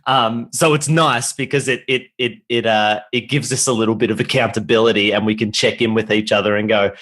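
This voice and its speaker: A man from Australia, a comedy group guest, talking quickly in casual chat and laughing along. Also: lowish voice, fairly even intonation, a bit bright.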